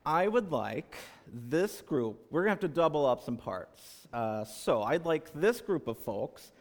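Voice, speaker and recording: A man leading a congregation, moving between reflective reading and playful, encouraging storytelling. His voice sits a little high for a man and swings widely in pitch. A long reverb trails his words through a large sanctuary. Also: big pitch swings, a little slow. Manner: encouraging, playful, makes animal noises to cue the congregation. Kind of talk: reading aloud and leading a participatory children's story.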